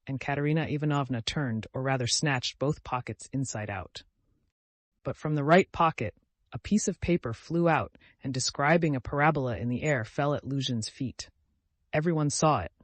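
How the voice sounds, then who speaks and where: A man narrating a classic novel in a measured, dramatic reading. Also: medium pitch, no echo. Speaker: audiobook narrator. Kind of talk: scripted narration.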